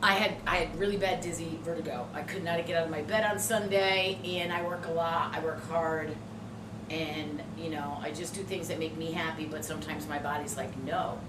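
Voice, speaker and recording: A middle-aged woman co-hosting a podcast and telling a story in casual chat, expressive and quick to laugh. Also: deep voice. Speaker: podcast co-host. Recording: echoey room, distant mic, noisy background.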